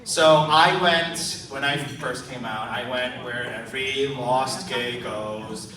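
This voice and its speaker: A man's voice: medium pitch, slow, bright, forceful tone. A man performing a live stand-up set, telling self-deprecating stories and laughing between lines. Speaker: stand-up comedian. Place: comedy club stage. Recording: roomy, distant live club recording. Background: audience laughter.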